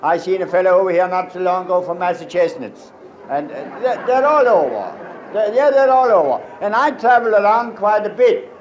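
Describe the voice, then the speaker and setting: With a high-pitched voice and a Pennsylvania Dutch accent, a stand-up comedian tells folksy jokes and dry one-liners on stage before a live audience. The audio is dull, an old live recording in a roomy hall with crowd and hiss.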